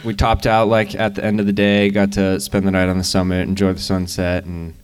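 A young man with a deep, smooth, clear voice tells his side of a story at a live interview. His manner is easygoing and relaxed. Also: fairly quick. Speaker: guest climber.

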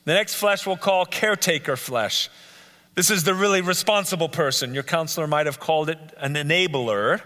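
A man's voice: sits high, bright, forceful tone, long reverb tail. A man leading a live Bible study, earnestly listing traits one by one and repeating key phrases. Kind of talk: live teaching talk. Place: church meeting room.

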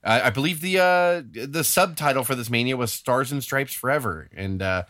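In casual podcast chat, a male co-host tells a story as an animated storyteller, performing the quotes himself. His voice is medium in pitch, his pace moderate, and there's no echo.

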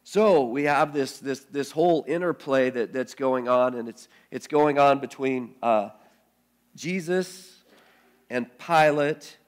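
A man pastor reading scripture aloud, then preaching in a halting way, often repeating words as he thinks aloud. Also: medium pitch, vocal fry.

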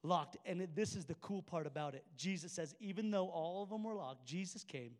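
A man preaching a sermon as a pastor, swinging from hushed tones to shouting. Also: high voice, a little fast. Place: church hall. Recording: echoey hall with faint music.

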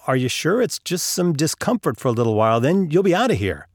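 A man's voice: fairly high pitch, very animated, a little fast, no echo, studio quality. A man voicing a patient, helpful friend. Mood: reassuring.

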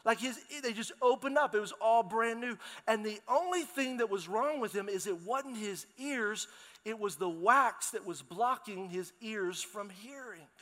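Bright high-voiced pastor preaching. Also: male voice, measured pace. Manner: lively storytelling, calls out to the congregation. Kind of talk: sermon. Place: large church hall. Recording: long hall reverb in a church.

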